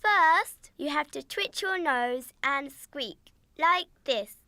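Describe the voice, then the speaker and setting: A woman's voice: high voice, lively intonation, slow, heavy background noise, exaggerated voice. A woman voicing a friendly, playful little girl rabbit in a children's cartoon, with a giggly manner. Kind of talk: cartoon voice acting.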